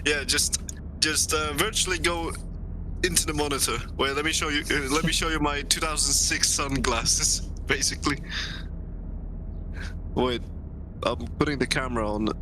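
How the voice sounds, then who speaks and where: A man's voice: fairly high pitch, normal speed, long pauses, background noise. A man from Thailand, born in Finland, streaming a sim race and joking with friends in casual chat. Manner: chatty, jokey, self-mocking.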